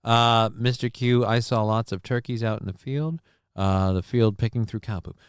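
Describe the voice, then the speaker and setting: A man's voice: lowish voice, fairly even intonation, normal speed, clean tone, no room sound, studio quality. Crude joking male stream host. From northern United States. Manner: crude, joking, reads chat and news aloud. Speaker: show host. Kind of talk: casual live-stream commentary.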